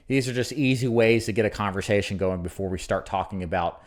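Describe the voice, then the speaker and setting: A man giving lively coaching commentary on a recorded sales call, laughing at his own jokes and showing how to use inflection. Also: fairly low pitch, a little fast. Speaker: sales trainer.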